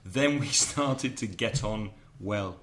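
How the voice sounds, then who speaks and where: A middle-aged man from England co-hosting an English lesson podcast, drilling example phrases slowly like a teacher. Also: fairly low pitch, a bit bright.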